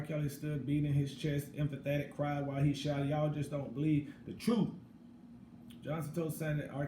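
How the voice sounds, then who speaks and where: A middle-aged man talking bluntly in a casual commentary monologue, swinging between loud outbursts and low asides. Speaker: channel host. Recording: echoey room with background noise.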